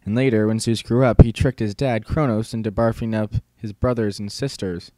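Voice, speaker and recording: A man's voice: fairly low pitch, fairly even intonation, mellow, dry recording, lightly acted. A man playing a hesitant schoolboy. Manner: hesitant, halting recitation. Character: awkward, defensive boy student, twelve.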